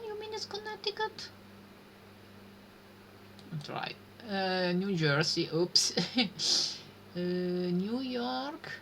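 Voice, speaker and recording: Slow, bright-voiced woman streamer. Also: mid-range voice, slight background noise. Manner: thinking aloud, hesitant muttering. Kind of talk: live-stream gameplay commentary.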